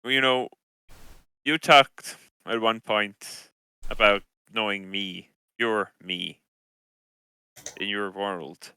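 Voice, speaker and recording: A man's voice: fairly low pitch, steady tone, slow, sharp tone, clean tone, dry recording. A man playing a tabletop game, speaking hesitantly and searching for words in character. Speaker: player.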